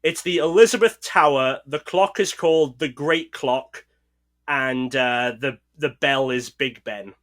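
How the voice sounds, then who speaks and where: A man with a faint Northeast English accent talks through collecting and trivia in a relaxed podcast chat. His voice is bright and clear, at an average pitch. He explains patiently and lets his sentences trail off softly. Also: a little slow. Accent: mild Northeast English. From Northeast England. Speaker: podcast co-host. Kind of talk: casual chat.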